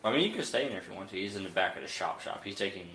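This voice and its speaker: A man's voice: low-pitched, lively intonation, rapid-fire, fairly bright tone. A man narrating a tabletop game as game master, loose and laughing as he goes. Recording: roomy room, faint hiss.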